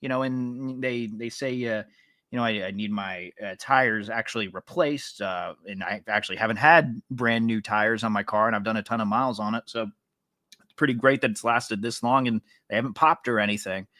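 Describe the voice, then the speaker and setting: A man's voice: fairly low pitch, normal speed, sharp tone, dry recording, studio quality. A man co-hosting a podcast in casual, teasing chat, laughing often. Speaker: podcast co-host.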